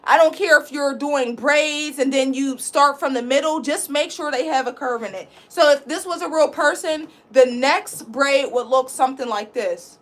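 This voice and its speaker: A woman, teaching a live braiding class in a loud, chatty, encouraging way. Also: high-pitched, normal speed, hardly any pauses. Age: 20s. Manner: chatty, encouraging, reads comments aloud. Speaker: braid instructor.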